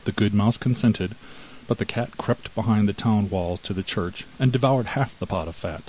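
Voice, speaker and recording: A man narrating a fairy-tale audiobook in measured storytelling. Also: on the low side, a little mellow, slight background noise, rough recording.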